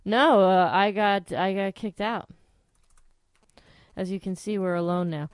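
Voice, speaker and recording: A woman's voice: fairly low pitch, measured pace, long pauses, no echo, studio quality. A woman hosting a talk radio show, chatting casually, swearing, and singing along to old songs.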